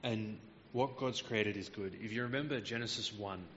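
A man's voice: fairly low pitch, moderate pace, fairly bright tone, big-room sound, dull audio, slight background noise. A man preaching a Bible teaching sermon, explaining verses patiently with frequent hesitant fillers.

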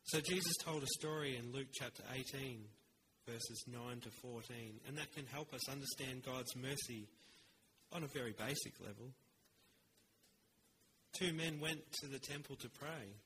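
A man preaching a sermon in an earnest, measured way, with rhetorical pauses. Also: medium pitch, sharp tone, slight background noise, low-quality recording.

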